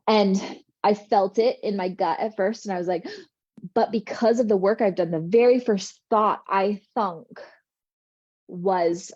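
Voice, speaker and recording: Middle-aged woman coaching on inner peace, mellow and dry, a bit muffled. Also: mid-range voice, measured pace, dry recording. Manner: earnest, soothing, reassuring. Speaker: spiritual coach. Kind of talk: motivational talk.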